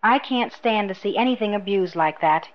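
A woman reading the lines of an earnest young man, a country boy and pilot, in a low-key way. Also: animated, normal speed, lo-fi sound, natural voice.

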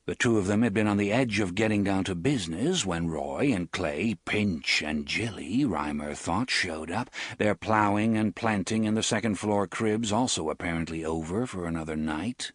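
A man narrating an audiobook in a steady, measured storytelling voice. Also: low voice, slightly rough, no echo, studio quality. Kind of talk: scripted narration.

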